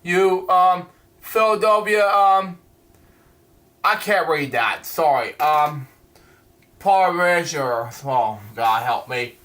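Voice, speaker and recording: Halting male comic reviewer reading panels aloud, fairly high pitch, slow delivery with restarts. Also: fairly bright tone. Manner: halting, stumbling over words and restarting.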